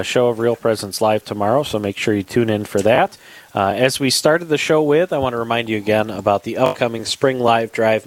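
A man's voice: on the low side, dry recording. A man hosting a radio show in a studio, talking casually with many fillers and restarts.

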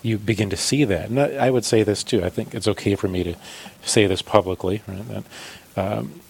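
Gravelly husky man reflecting on faith. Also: fairly low pitch, a little fast, a little mellow, poor audio. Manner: thoughtful, affirming, with frequent restarts.

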